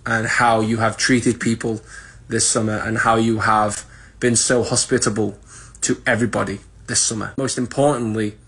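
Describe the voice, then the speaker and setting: A man's voice: on the low side, level tone, normal speed, fairly bright tone, breathy edge. A British man delivering an earnest, speech-like video message.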